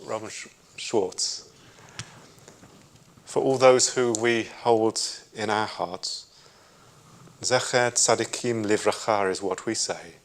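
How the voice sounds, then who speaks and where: A middle-aged man with a British accent, a rabbi leading a synagogue service and reading memorial names in a measured, solemn way with gentle asides. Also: fairly low pitch, fairly even intonation. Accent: British English. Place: synagogue sanctuary.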